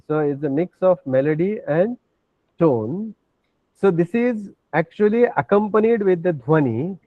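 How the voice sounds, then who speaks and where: Male lecturer, fairly high voice, explanatory, thin phone-like call audio. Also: no echo. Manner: explanatory, checks in with frequent "okay". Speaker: teacher. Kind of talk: online class lecture. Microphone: video call.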